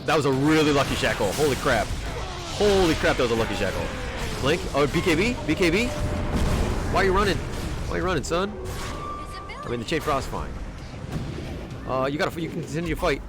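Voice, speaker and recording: A man's voice: fairly high pitch, animated, quick pace. A man coaching a player through a game replay, exclaiming and repeating urgent commands as he talks. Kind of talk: replay analysis commentary. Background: music.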